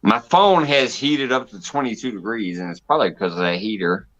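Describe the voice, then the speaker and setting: A man's voice: fairly low pitch, a little fast, a bit bright. A man hosting a casual live stream, joking, laughing and swearing with his viewers. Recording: dull lo-fi sound.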